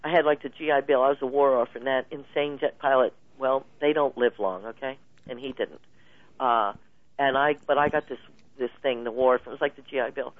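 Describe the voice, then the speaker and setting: A woman guest telling stories in a casual interview, lively and laughing often. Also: a bass voice, a little fast, no echo. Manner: animated storyteller, laughs often. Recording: tinny phone line, dry.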